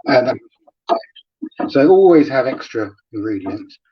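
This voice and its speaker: A man hosting a live cooking demo, relaxed and chatty, laughing often as he explains each step. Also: medium pitch, takes it slowly, breathy edge. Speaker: cooking show host. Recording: dull lo-fi sound.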